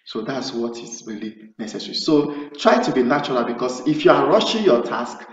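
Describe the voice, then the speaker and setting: Male tutor, mid-pitched, explains patiently and repeats himself. Recorded far off in an echoey room with dull sound. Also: big pitch swings, brisk. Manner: explanatory, acts out sample nurse-patient dialogue; repeats and restarts phrases. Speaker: OET speaking tutor. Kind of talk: spoken lesson. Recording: roomy, distant, dull sound.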